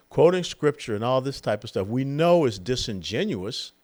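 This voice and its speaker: An older man in his sixties delivers a solo political commentary. His pitch swings widely as he talks, rising and dropping for emphasis. He sounds mocking and keeps breaking into short impressions of the people he criticizes. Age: 60s. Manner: animated, mocking, mimics others in quotes.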